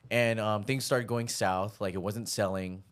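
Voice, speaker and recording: Brief: a laid-back, slangy host from Hawaii, a man with a lowish voice. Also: fairly even intonation, measured pace, smooth. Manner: laid-back, slangy, calls people dude. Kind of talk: casual interview chat.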